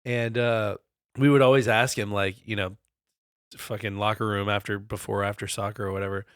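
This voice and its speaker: A man's voice: fairly low pitch, flat delivery, moderate pace, clear, resonant tone, no echo, studio quality. A man in his forties co-hosting a podcast, telling stories in a loose, profane, easygoing way. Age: 40s. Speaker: podcast co-host. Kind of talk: casual chat.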